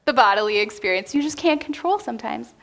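A woman pastor preaching a heartfelt sermon to her church, speaking with emotion and deliberate pauses. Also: fairly high pitch, animated, gravelly, a bit bright. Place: church sanctuary.

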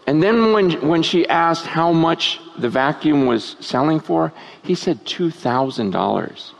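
A pastor telling a laughing personal story within a sermon, then turning earnest. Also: male voice, a little high, vocal fry.

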